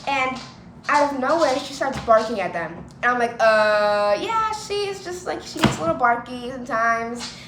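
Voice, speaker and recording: A woman's voice: a little high, moderate pace, a bit bright. A young woman vlogger telling personal stories in a casual, chatty way, full of "like", and acting out what people said. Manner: chatty, lots of "like", acts out quoted voices. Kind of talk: casual storytelling to camera. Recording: echoey room with clear ambient noise.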